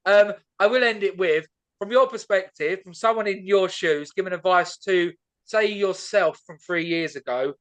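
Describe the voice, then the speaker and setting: A man with a high-pitched voice hosts a casual comedy podcast. He keeps an upbeat, easygoing tone and swears freely as he talks. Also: normal speed, a bit bright. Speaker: podcast host.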